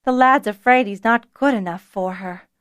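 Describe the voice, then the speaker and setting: A woman voicing a brisk, no-nonsense housekeeper with a dry, fond manner. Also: medium pitch, a bit bright, clean tone, dry recording, natural voice.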